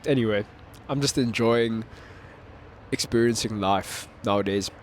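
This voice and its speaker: A man's voice: fairly low pitch, measured pace, slight background noise. A man, a musician making a vlog, talking in a casual, rambling way with frequent laughs and restarts, outdoors. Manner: rambling, self-correcting, laughs often. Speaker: musician vlogger. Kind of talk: casual reflective monologue. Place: outdoors in a town with birds.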